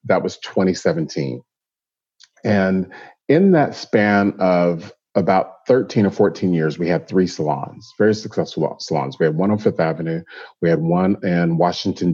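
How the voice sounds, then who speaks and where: A man's voice: low-pitched, normal speed, husky, dull audio. A man who owns hair salons, answering interview questions and telling stories animatedly. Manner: animated storyteller, acts out quoted voices. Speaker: hairstylist and salon owner.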